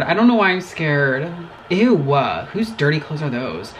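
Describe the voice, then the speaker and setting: Speaking low and slowly but very animated, a woman YouTuber chats through casual gaming commentary on a rough recording with background music. She rambles with asides to her viewers, curses nonstop, and is easily startled.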